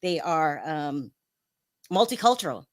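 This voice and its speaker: A woman hosting a casual online celebrity gossip show, chatty and quick to laugh, often restarting her sentences. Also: deep voice, animated. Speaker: show host.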